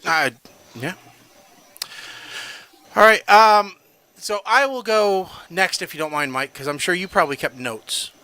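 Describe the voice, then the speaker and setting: A man's voice: high voice, expressive, a little slow, long pauses, bright, forceful tone, no room sound. A man co-hosting a casual podcast, ranting and tagging his points with "all right?". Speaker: podcast co-host.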